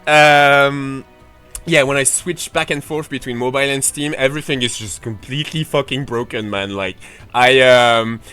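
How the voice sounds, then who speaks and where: A man's voice: mid-range voice, steady tone, normal speed, sharp tone, clean tone, faint music behind. Chatty swearing male game streamer. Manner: chatty, rambling, swears freely, answers chat. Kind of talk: casual livestream commentary.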